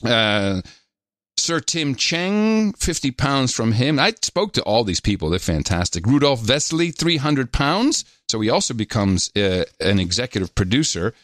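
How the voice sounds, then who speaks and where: A man hosting a podcast, reading out listener donations and notes in a casual, halting way with many filler pauses. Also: mid-range voice, very animated, fairly bright tone, no room sound, studio quality. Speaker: podcast host.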